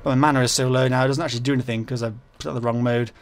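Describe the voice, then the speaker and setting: A man hosting a modded game play-through, mumbling with fillers and then yelling in panic, his voice getting hoarse. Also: mid-range voice, steady tone, very fast. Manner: frequent fillers and self-corrections. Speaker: gaming channel host. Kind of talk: Minecraft modpack let's play commentary.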